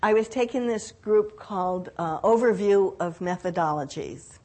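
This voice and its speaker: Older woman telling a personal story. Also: medium pitch. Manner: reflective, unhurried, with restarts and lively quoted voices. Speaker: speaker telling her own story.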